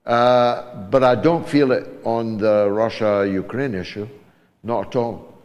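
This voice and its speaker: An older man hosting a call-in talk show, speaking slowly and deliberately with frequent pauses. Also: mid-range voice, fairly even intonation, a little mellow, big-room sound, muffled recording.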